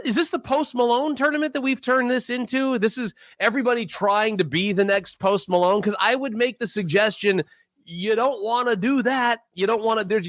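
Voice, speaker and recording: A middle-aged man rants in a loose, profane podcast chat, his voice sitting high and swinging widely in pitch. He sounds sarcastic and worked up, and the sound is close and dry. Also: a bit bright, no echo. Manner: ranting, sarcastic, swears a lot. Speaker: podcast co-host.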